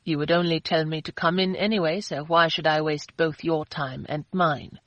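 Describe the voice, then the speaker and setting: A woman doing a gruff, brooding hungover man. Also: low-pitched, fairly even intonation, moderate pace, fairly bright tone, no echo, lo-fi sound. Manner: blustering, gruff outbursts.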